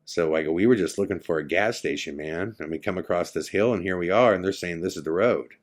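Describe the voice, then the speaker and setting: A man hosting a podcast, retelling a night out in a casual, animated way, acting out his friends' lines and going quiet for the eerie parts. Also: deep voice, fast. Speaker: podcast host. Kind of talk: casual storytelling.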